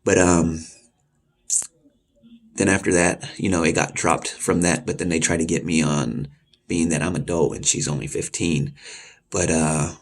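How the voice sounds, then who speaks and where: A man's voice: sits low, flat delivery, unhurried, long pauses. A man in his thirties casually telling a personal story and acting out the voices of the people in it. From Texas. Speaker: vlogger.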